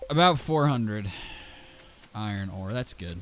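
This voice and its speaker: A man's voice: fairly low pitch, moderate pace, slight background noise. A man streaming a farming game, chatting casually with viewers and exclaiming over loot. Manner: animated, exclaiming, talks to chat. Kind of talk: casual gameplay commentary.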